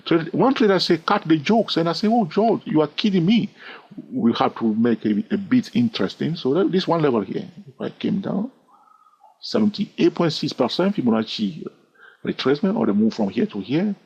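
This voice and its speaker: In this screen-recorded chart lesson, a male trading educator with a non-native English accent teaches in a chatty, teasing manner, frequently checking in with viewers. His mid-range voice is brisk, creaky, slightly rough yet a little mellow, with large pitch swings. The sound quality is dull and lo-fi.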